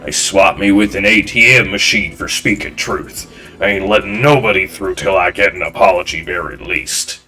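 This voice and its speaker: A man's voice: low-pitched, normal speed, sharp tone, soft background music. A man voicing a rude, hostile local man who taunts and blocks the way. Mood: taunting. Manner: taunting, aggressive. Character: rude southern male local, hostile gatekeeper.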